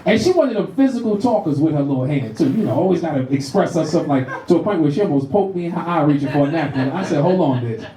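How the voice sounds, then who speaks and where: A middle-aged man from the Bronx with a New York accent, doing a loud, profane stand-up set with shrill put-on voices. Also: animated, quick pace, hardly any pauses, crowd noise. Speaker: stand-up comedian. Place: comedy club stage. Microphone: handheld stage mic. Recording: roomy club sound from a distant mic. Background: audience laughter.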